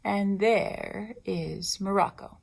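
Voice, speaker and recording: Slow, expressive storytime woman. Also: medium pitch, gravelly, slightly rough. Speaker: children's librarian. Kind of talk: storytime for young children.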